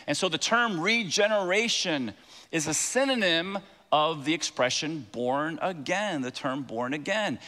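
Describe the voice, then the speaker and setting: High-voiced, bright-toned pastor preaching. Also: male voice. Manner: emphatic, questions the congregation. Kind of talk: sermon. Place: church sanctuary. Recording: long reverb of a church hall.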